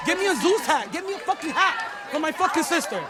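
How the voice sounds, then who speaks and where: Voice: sing-song, quick pace, a loud crowd. A vlogger doing a mocking impression of a frantic, fawning woman who curses as she begs for things for her friend. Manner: shrill, cursing, mocking impression.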